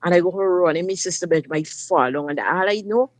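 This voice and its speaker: A woman recounts her own story in an emphatic, forthright way, often turning to address the listener directly. Her voice sits fairly low, and the recording is dry and close. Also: brisk, dry recording. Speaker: guest sharing personal story. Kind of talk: personal testimony on a talk show.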